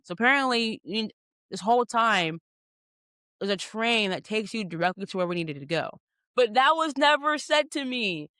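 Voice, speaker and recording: Young woman, podcast host, casual storytelling, animated, lots of fillers, dry close sound. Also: on the high side, normal speed, no room sound. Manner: animated, many "like" fillers, acts out quotes.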